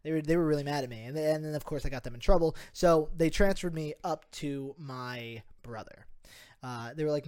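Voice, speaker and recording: A man's voice: fairly high pitch, a little fast, darkish tone, clear, resonant tone. A young man on a podcast, casually telling a story, acting out quotes and swearing freely. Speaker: podcast host.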